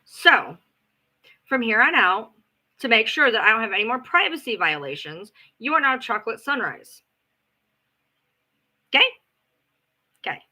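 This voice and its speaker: A woman hosts a livestream and tells her story bluntly, with sarcasm and plenty of swearing. Her pitch rises and falls a lot, and her voice is very bright and sharp. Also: low-quality recording. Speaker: livestream host. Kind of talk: ranting livestream chat.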